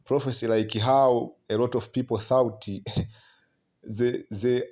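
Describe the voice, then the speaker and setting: A man's voice: medium pitch, fairly even intonation, a little mellow. A man preaching on prophecy in a loose, conversational way, reading scripture aloud, often stumbling over repeated words and ending lines with "man". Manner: keeps tagging lines with "man", halting repeats; reads scripture aloud between remarks.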